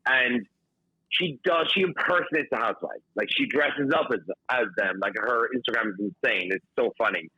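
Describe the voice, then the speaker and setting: A man's voice: mid-range voice, moderate pace, pushed and bright, husky, no room sound, lo-fi sound. A man, a chef being interviewed, chatting upbeat with lots of "like" and "you know". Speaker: chef and guest. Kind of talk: phone-in interview.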